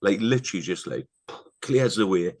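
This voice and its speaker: A middle-aged man from England, a podcast guest telling a story in casual chat, rambling through fillers and asides and often dropping to a hushed, earnest voice. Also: sits low, animated, normal speed.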